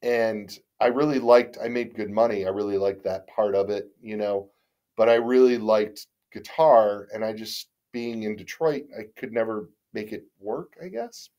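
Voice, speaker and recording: A man's voice: fairly low pitch, moderate pace, dark tone. A middle-aged man, a guest in a casual interview, telling stories candidly with many restarts and stammers, and the occasional swear. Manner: rambling, frequent restarts and stammers.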